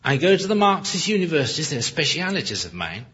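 A man preaching a sermon, emphatic and full of rhetorical questions, often pausing to correct himself with apologies. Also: a little high, very animated, bright, forceful tone, breathy edge. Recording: dull lo-fi recording.

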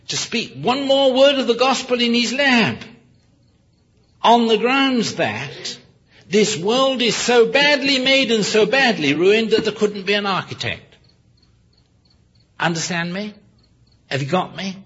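A man preaching a sermon, emphatic and full of rhetorical questions, often pausing to correct himself with apologies. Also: sits high, a bit bright, husky. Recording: dull lo-fi recording.

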